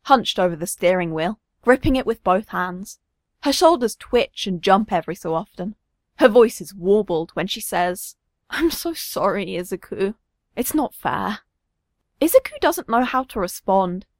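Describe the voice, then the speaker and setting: Woman storyteller, lively intonation, dry close recording. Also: medium pitch, no echo. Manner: expressive, varied intonation. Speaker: narrator. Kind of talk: storybook narration.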